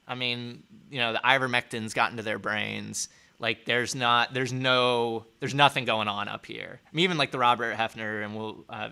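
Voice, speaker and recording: A man's voice: mid-range voice, creaky, bright, forceful tone. A man hosting a live show, commenting sarcastically on clips with many fillers and restarts. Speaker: host.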